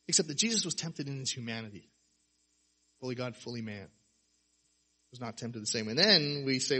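Guy preaching a sermon, bright forceful tone, acts out the quotes, lots of rhetorical questions. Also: medium pitch, lively intonation, brisk, husky. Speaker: pastor.

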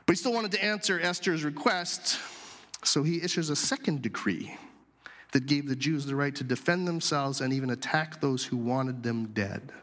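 A man telling a scripture story as a sermon, animated and acting out the characters' lines. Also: a little high, normal speed. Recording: long hall reverb.

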